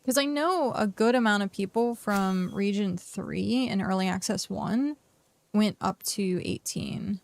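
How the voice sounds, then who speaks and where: Young adult woman, game streamer, tired and rambling casual chat, gravelly fry in a mid-height voice. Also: medium pitch, a little slow, darkish tone. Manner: rambling, talks to herself and chat. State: tired, yawning. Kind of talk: casual live-stream chat while playing.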